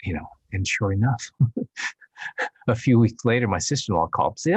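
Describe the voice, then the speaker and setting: Male guest actor in his fifties, low raspy voice, candid and hesitant storytelling. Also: lively intonation, no room sound. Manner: halting and reflective, with many restarts.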